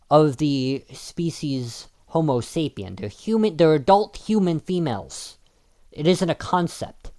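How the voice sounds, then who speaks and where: A man's voice: on the high side, dark tone. A man delivering an argumentative opinion monologue in a combative manner, with frequent restarts and filler ums. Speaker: video commentator.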